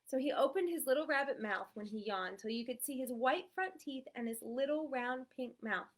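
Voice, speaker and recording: A woman from the United States reading a picture book aloud to children, animated and often checking in with "right?". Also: sits high. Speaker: story reader.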